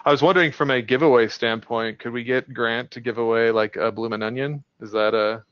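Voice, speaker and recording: A man's voice: mid-range voice, fairly even intonation, a little fast, a bit bright, clean tone, no room sound, muffled recording. A man in tech marketing presenting on a casual panel, joking and playful.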